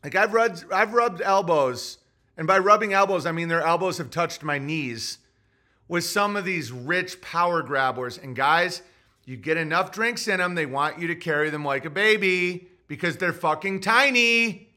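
Male podcast host, high and bright, loose profane riffing. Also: moderate pace. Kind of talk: comedic stream commentary.

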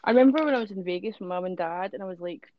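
A woman's voice: fairly low pitch, rapid-fire, dry recording. A woman with a Dundee Scottish accent co-hosting a podcast, chatting casually, swearing freely and laughing often. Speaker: podcast co-host. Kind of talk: casual chat. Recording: dull lo-fi sound.

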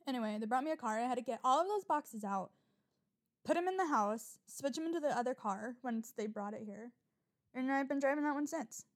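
On her solo podcast, a young woman with a fairly high voice rambles along at a slightly fast clip. She's animated and chatty, swears casually, and gets riled up easily.

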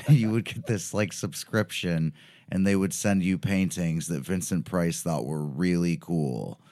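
A man's voice: low-pitched, a little slow, mellow. A man co-hosting a casual podcast, curious and asking questions with wry asides. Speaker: podcast co-host. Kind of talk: casual chat. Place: recording studio.

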